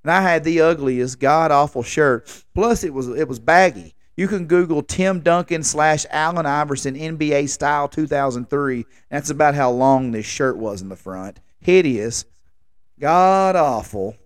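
A man's voice: fairly high pitch, normal speed, hardly any pauses, clean tone, no echo. A man, hosting a podcast and telling rambling, self-mocking stories in a casual, exasperated way. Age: late 30s. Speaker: podcast host. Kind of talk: casual comedic storytelling monologue.

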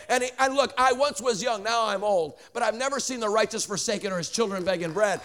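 A man, a traveling preacher, telling a story in an animated sermon with joking asides and many restarts. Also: high voice, a little fast.

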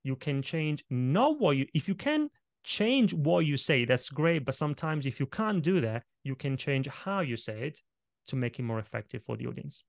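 A man who is not a native English speaker, a presentation coach guesting on a podcast, talking with lively, shifting emphasis. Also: on the high side, normal speed, creaky, dry recording, clean studio sound. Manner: energetic, varied emphasis, punches and stretches words. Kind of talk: podcast interview, explaining tips.

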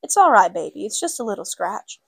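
A woman reading aloud and voicing a mother who stays calm while tending a hurt child. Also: medium pitch, fairly quick, dry recording, lightly acted. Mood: tender. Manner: steady, instructing.

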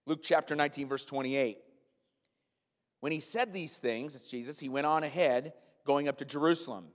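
A man preaching a sermon as pastor, animated and sometimes acting out a comic scene. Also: moderate pace, long reverb tail. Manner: animated, acts out a comic scene in a loud high voice.

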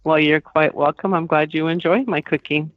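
A woman's voice: low-pitched, steady tone, normal speed, no echo. A middle-aged woman, the host's mother, chatting on a phone call and laughing often. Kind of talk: casual phone chat.

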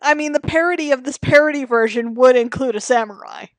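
A woman co-hosting a casual comedy podcast, playful and quick to laugh. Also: sits high, dry recording. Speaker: podcast co-host.

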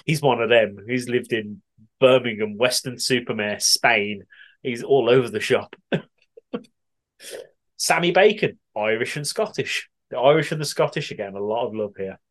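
A man's voice: mid-range voice, a little slow. A man hosting a podcast, chatty and giggly as he reads listener answers in casual chat. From West Midlands, England. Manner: chatty and giggly, often laughing and swearing. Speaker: podcast host.

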